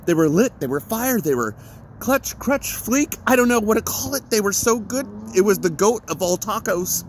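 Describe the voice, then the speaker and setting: A man's voice: sits high, expressive, brisk, slight background noise. A man in his forties talking in a casual, rambling vlog monologue, emotional and laughing through sadness. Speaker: vlogger.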